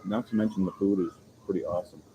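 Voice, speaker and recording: A man hosting a casual live stream from an outdoor coastal restaurant, chatting with viewers in a relaxed, rambling way. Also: low-pitched, quick pace, a little hiss or hum, low-quality recording. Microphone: phone camera.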